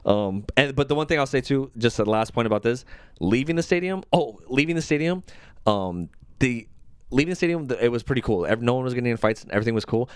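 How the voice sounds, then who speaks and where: A young man co-hosts a podcast in easy, casual chat. His voice sits at an ordinary middle pitch. He tells stories loosely, full of filler words and swearing, and the sound is dry and close. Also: animated, fast, clear, resonant tone, dry recording. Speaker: podcast co-host.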